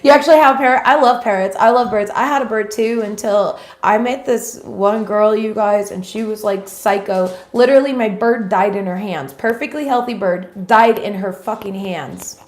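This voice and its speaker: A woman's voice: medium pitch, moderate pace, few pauses. A woman giving a casual livestream tarot reading, rambling and swearing freely with many ums. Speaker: tarot reader. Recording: roomy echo.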